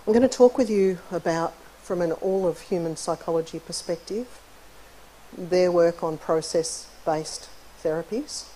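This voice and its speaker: A middle-aged woman speaks in a lowish, mellow voice from the stage of a university lecture hall. Her delivery is friendly and conversational, and she pauses now and then to clear her throat. A faint hiss of room noise sits behind her. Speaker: conference keynote speaker, psychologist.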